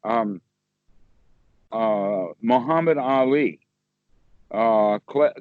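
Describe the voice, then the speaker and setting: A man's voice: mid-range voice, drawn-out words, smooth, no echo. Folksy man teaching over a lo-fi call. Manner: rambling, folksy, explains with examples and chuckles. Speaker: meditation teacher. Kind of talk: casual one-on-one dharma chat. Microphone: video call. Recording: dry, dull lo-fi call audio.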